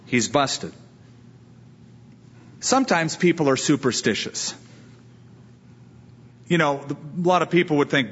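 Male pastor preaching expository sermon, somewhat high husky voice, muffled recording. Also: a little slow, pauses often. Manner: expository preaching with lively quoted asides.

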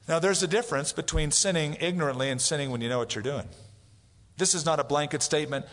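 A man's voice: fairly high pitch, fast, fairly bright tone. A man preaching a sermon as pastor, telling stories and acting out the voices of the people he quotes. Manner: storytelling, acts out quoted voices. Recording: long hall reverb.

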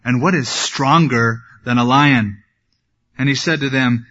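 Bright-toned preacher, lo-fi sound. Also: male voice, mid-range voice, unhurried. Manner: conversational Bible teaching with wry asides. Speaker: pastor. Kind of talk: sermon.

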